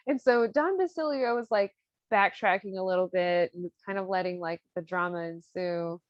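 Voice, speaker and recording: A woman's voice: medium pitch, normal speed, no echo. A young woman hosting a podcast, retelling a story in a casual, irreverent way with slang and the odd swear word. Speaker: podcast host. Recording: dry, slightly dull lo-fi sound.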